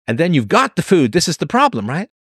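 A man's voice: on the high side, wildly swooping pitch, quick pace, a bit bright, breathy edge, no echo, studio quality. A man from England telling a rambling comic story, sardonic and full of exaggeration.

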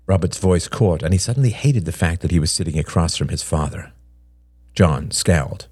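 A man reading a story aloud as narrator, in a measured, descriptive way. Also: sits low, expressive, a little mellow, breathy edge, no room sound, clean studio sound.

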